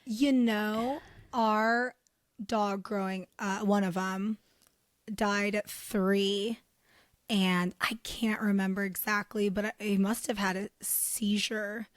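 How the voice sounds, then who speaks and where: A woman's voice: mid-range voice, fairly even intonation, takes it slowly, dry recording, studio quality. A woman co-hosting a faith podcast, speaking in a supportive and reflective way. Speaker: podcast co-host. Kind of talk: casual chat.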